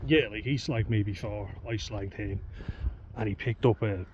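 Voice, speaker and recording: A young man speaks in a lowish voice, rambling and swearing as he opens up candidly to camera. He's outdoors in the countryside, and the recording is dull and muffled, with steady background noise and crows calling. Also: normal speed. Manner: rambling, sweary and frank, with nervous laughs. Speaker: vlogger. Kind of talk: candid confessional vlog talk. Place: outdoors in the countryside among farm animals.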